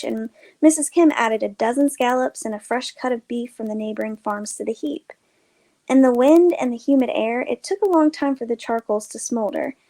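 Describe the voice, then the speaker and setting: A woman host narrating a scary story in a measured, expressive reading voice. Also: a little high.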